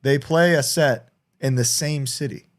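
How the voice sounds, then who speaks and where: A man co-hosting a podcast in casual chat, telling stories with lots of swearing and quick restarts. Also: medium pitch. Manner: animated storytelling, heavy swearing, frequent restarts. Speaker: podcast co-host.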